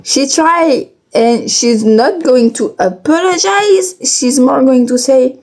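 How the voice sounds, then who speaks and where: Slow, soft-toned young woman confiding. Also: high voice, expressive. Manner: halting, frequent restarts and fillers; candid, blunt, occasional swearing. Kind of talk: casual confessional vlog.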